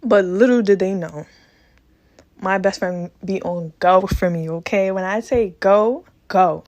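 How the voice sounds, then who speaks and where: A woman's voice: mid-range voice, a little slow, a little mellow, dull audio. A young woman telling a dramatic storytime in casual slang, acting out the quotes.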